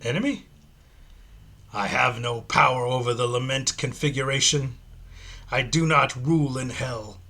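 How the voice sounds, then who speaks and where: Male demon from hell, voiced by a man, cold, menacing, slow measured lines, husky edge. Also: a little high, sharp tone, heavily acted.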